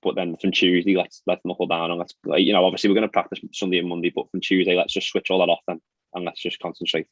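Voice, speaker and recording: A man's voice: deep voice, level tone, no room sound. A young man, a professional golfer telling stories in a casual podcast chat, with lots of fillers. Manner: fast, chatty storytelling with frequent fillers and laughs. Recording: dry, dull lo-fi sound.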